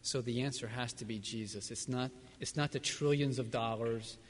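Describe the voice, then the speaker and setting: A man's voice: medium pitch, fairly even intonation, moderate pace. A man as a missionary answering questions at a church service, earnest, reflective and plainspoken. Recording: long reverb of a large hall.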